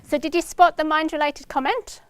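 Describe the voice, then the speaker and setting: A woman's voice: sits high, fairly even intonation, moderate pace, no echo, faint music behind. A woman giving a research talk to practitioners, explaining with examples and acting out parents' words. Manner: explanatory, gives examples and acts out parents' lines in a lifted voice. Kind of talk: lecture to practitioners.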